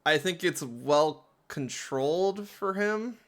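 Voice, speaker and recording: A man's voice: on the high side, animated, slow pace. A man giving casual, rambling commentary while playing a game, often laughing.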